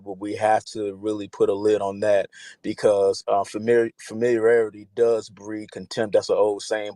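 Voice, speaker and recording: A man's voice: fairly low pitch, darkish tone, no echo. A man calling in to a livestream talk show. He speaks hesitantly, with many fillers. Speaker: caller. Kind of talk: call-in conversation.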